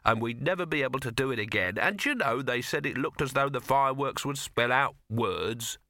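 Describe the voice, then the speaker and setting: A man's voice: mid-range voice, fairly quick, bright, forceful tone, no room sound. Male reader voicing a shrewd young man, pointed and knowing, dry close sound.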